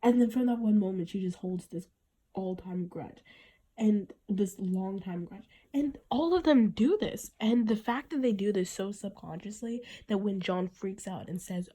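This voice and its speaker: A woman's voice: mid-range voice, moderate pace, dark tone, husky. A woman hosting her own podcast, talking in an earnest, reflective way and often restarting her sentences. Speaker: podcast host. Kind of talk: casual podcast monologue.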